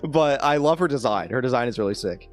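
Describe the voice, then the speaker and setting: A streamer hosting a relaxed chat with a guest, reading viewer questions aloud and laughing often. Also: mid-range voice, a little fast, soft background music. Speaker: streamer host. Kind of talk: casual livestream chat.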